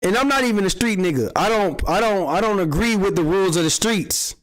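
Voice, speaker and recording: A man hosting a casual livestream, telling street gossip in an animated, profane style and acting out quotes. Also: high voice, brisk, poor audio. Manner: animated storytelling, acts out quotes, swears freely. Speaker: podcast host.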